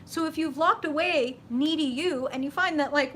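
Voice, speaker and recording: Profane, animated woman tarot reader. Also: high voice, moderate pace, hardly any pauses, a little hiss or hum. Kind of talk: live-streamed tarot reading.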